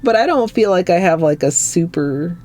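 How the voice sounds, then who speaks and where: A woman from Minnesota with a Minnesotan accent, chatting softly and rambling to her livestream chat. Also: lowish voice, animated, normal speed. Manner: soft-spoken and rambling, talking to chat. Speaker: nail art streamer.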